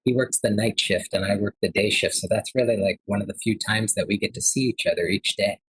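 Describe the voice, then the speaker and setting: A man quietly voicing an apologetic woman working an ice cream counter in a story he tells. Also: on the low side, fairly even intonation, brisk, breathy edge, no room sound, rough recording.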